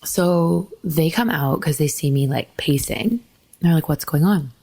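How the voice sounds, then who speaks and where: A woman's voice: deep voice, measured pace, creaky, dark tone, slightly rough. A young woman hosting a podcast, telling a candid personal story with emphatic, profane asides and quoted dialogue. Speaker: podcast host.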